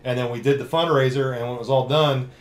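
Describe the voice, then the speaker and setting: A man's voice: medium pitch, quick pace, echoey room. A man hosting a casual comedy podcast, telling rambling, swearing stories. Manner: rambling, animated storyteller, swears. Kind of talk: casual chat, storytelling.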